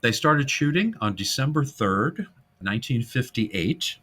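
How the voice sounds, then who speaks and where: A man hosting a casual film-history podcast, animated and jokey, now and then breaking into silly voices. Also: mid-range voice, measured pace, slight background noise. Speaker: podcast host.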